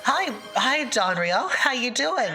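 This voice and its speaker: A woman talks casually to her live stream audience, thanking viewers by name. Her voice is bright and swings widely in pitch. She sounds emotional and close to tears, and laughs often. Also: big pitch swings, slow, faint music behind.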